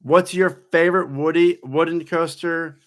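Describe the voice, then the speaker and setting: A man's voice: on the high side, fairly even intonation, moderate pace, fairly bright tone. A man in his thirties, a theme park YouTuber, casually reading out viewer questions on a live stream and answering them in a chatty, rambling way. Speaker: coaster YouTuber host.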